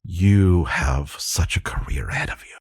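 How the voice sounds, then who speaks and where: A man's voice: sits low, measured pace, slightly rough, no room sound, pitched below the performer's own voice, full character voice. A man playing a grand, pompous master chef. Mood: awed. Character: stout, pompous master chef, effusive and tearful.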